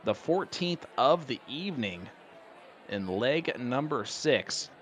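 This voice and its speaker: A man's voice: medium pitch, very animated, takes it slowly, a little hiss or hum. A man doing live darts commentary, chatty and enthusiastic, joking with his co-hosts.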